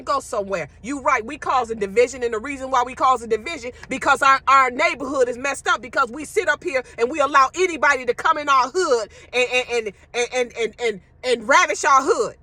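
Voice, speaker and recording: High-pitched, blunt woman ranting. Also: a little fast, bright, forceful tone, no echo. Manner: emphatic, blunt, profane. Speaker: social media commentator. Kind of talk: ranting monologue to viewers.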